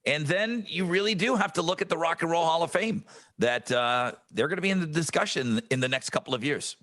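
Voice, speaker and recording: A man's voice: a little high, a bit bright, dry recording. A man co-hosting a casual podcast, chiming in with teasing remarks. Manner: teasing, quick interjections. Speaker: podcast co-host.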